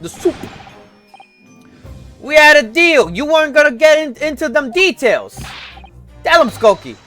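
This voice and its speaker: A man doing a brash young crook with a high, swooping voice and a loud, cocky bark. He talks in slang and sounds like trouble. Faint game music sits behind him. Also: very animated, unhurried, heavily acted. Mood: defiant. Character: brash rough-talking male petty crook.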